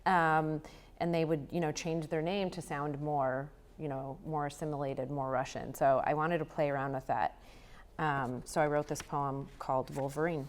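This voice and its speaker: A woman's voice: sits low, fairly even intonation, normal speed. A young woman poet who gives hesitant, chatty introductions and then reads her poems with chanted, incantatory repetition. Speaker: poet reading her work. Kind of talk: poetry reading with spoken intros.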